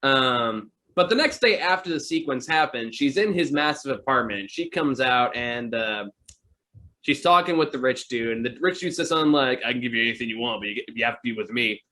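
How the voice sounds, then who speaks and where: A man's voice: mid-range voice, expressive, brisk, bright, forceful tone. A man hosting a casual talk show, telling long rambling stories about movies with many fillers. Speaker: podcast host. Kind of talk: casual chat.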